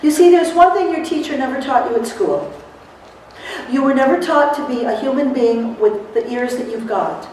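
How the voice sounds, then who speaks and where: Animated woman lecturing in an echoey hall. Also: high voice, normal speed, a little hiss or hum. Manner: animated storyteller, laughs often, acts out quotes. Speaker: seminar speaker for court reporters. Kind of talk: motivational seminar talk. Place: seminar hall. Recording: echoey hall, recorded from far off.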